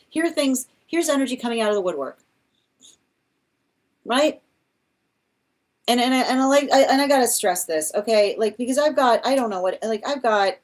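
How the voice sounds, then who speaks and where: A woman doing a live tarot reading, rambling with many restarts and exasperated asides, laughing often as she mocks. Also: on the high side. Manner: laughs often while mocking. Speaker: tarot reader.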